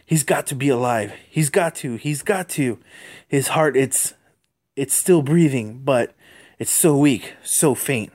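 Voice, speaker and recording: A man's voice: medium pitch, unhurried, darkish tone, close to an everyday voice. A man voicing a young male superhero who strains and pleads in a raised voice. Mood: desperate.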